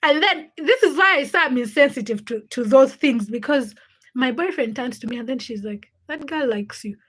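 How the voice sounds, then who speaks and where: Young female livestreamer, high bright voice, chatty storyteller who laughs a lot and reads out viewer names. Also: lively intonation, normal speed. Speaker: livestream host. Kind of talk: casual livestream chat, greeting viewers and telling stories.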